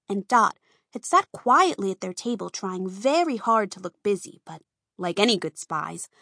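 A woman reading a children's storybook aloud, slow and expressive. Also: a little high, vocal fry, husky, no echo, clean studio sound. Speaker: narrator.

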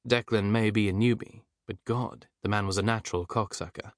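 A male audiobook narrator with a fairly low voice, reading in a measured, even way. The sound is dry and close, with no room around it. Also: no room sound.

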